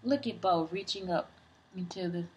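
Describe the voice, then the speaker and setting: A woman reading a children's book aloud, doing sound effects and stopping for excited asides to young listeners. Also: lowish voice, moderate pace, muffled recording.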